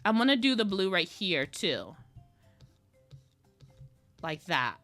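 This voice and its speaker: Lively, bright-voiced woman chatting while drawing. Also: on the low side, takes it slowly, soft background music. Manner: rambling, self-talking, playful. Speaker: digital artist streaming her drawing process. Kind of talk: casual live-stream chat while drawing.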